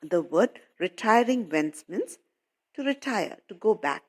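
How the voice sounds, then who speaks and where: A woman's voice: mid-range voice, big pitch swings, measured pace. A woman English teacher explaining a story to schoolchildren, patiently repeating and paraphrasing while calling them children.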